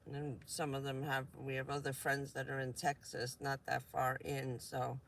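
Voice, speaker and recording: A woman's voice: extremely low pitch, monotone, normal speed, a little hiss or hum. A woman from New Jersey chatting casually on a vanlife live stream, rambling and laughing often.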